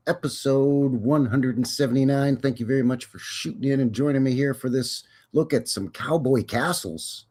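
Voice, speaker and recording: A man's voice: medium pitch, animated, a little slow, husky. A man hosting a casual live stream, chatting in a folksy, rambling way with jokes and cowboy slang.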